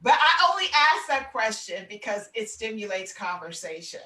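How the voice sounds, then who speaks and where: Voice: mid-range voice, big pitch swings, normal speed, a crowd in the background. A guest in a casual interview, eager and enthusiastic. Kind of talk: casual chat. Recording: roomy, distant mic.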